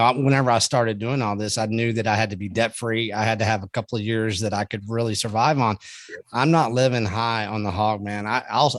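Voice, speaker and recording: A man's voice: lowish voice, dry recording. A middle-aged man talking earnestly in casual conversation, often ending his points with "man". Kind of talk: casual chat.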